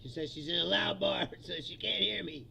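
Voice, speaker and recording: A man's voice: high-pitched, brisk, creaky, sharp tone, a little hiss or hum. A man in his fifties, a comedian hosting a profane, ranting comedy livestream and laughing often. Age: 50s. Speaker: comedian host.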